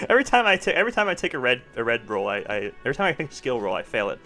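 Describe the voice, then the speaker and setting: Excitable man playing a game. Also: mid-range voice, quick pace, faint music behind. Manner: excitable, laughing reactions. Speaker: game streamer. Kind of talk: game let's play with read-aloud dialogue.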